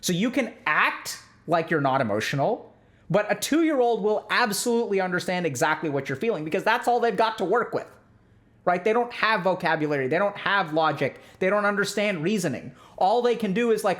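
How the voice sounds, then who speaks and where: A clinician gives parenting advice in a high, animated, brisk voice that's a bit bright. He keeps it casual and conversational, dropping "like" often and checking in with "right?", and turns sarcastic when he mocks strict views.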